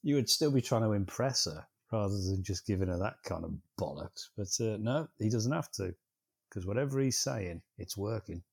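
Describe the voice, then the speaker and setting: A man's voice: fairly low pitch, animated, moderate pace, creaky, breathy edge. A man co-hosting a film podcast, trading wry, laid-back banter with his co-host. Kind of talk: casual chat.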